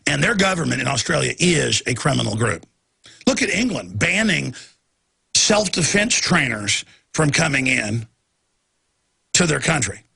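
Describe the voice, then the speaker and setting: A man hosting a talk show, delivering an impassioned political rant with sudden shouted bursts. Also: mid-range voice, very animated, a little slow, vocal fry, pauses often, husky. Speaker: talk radio host. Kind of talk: ranting political monologue.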